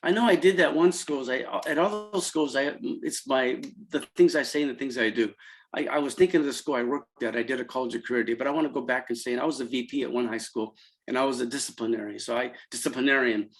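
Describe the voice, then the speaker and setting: A middle-aged man talks through his memories as an interview guest, stopping and restarting often. His voice is mid-pitched, and it jumps up when he quotes the students. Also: poor audio. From Central California. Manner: halting, many restarts and fillers, voice rising when quoting students. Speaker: interview guest, college program founder. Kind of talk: emotional conversational storytelling.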